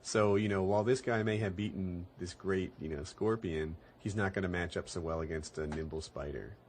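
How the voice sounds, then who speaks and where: A man hosting a podcast in casual chat over an online voice call, rambling through animated explanations and laughing often. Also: low-pitched, moderate pace, a little hiss or hum. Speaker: podcast host.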